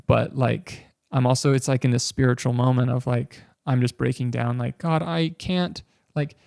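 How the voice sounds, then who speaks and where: A man's voice: medium pitch, monotone, moderate pace, gravelly, a little mellow, no echo, studio quality. A man on a podcast as a guest, earnestly telling a personal faith story with many restarts and filler words.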